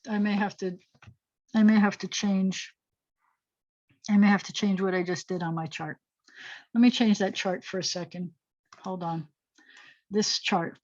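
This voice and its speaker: A woman's voice: on the low side, darkish tone. Woman rabbi teaching over a video call. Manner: thinks aloud while writing, self-correcting, chatty asides. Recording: slightly dull video call audio.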